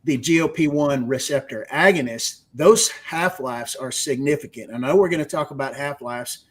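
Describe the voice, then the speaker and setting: A man's voice: medium pitch, moderate pace, fairly bright tone, slightly rough. A man with a Texas accent, a radio guest explaining technical science step by step. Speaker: guest, research executive. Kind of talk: explanatory interview answer.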